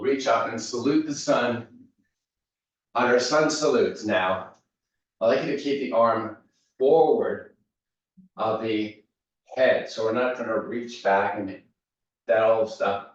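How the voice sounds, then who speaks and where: Male fitness instructor, steady easygoing cues, mid pitch, distant dull room recording. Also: very echoey. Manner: steady cueing, easygoing asides. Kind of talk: guided mobility class cueing. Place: large echoey fitness studio.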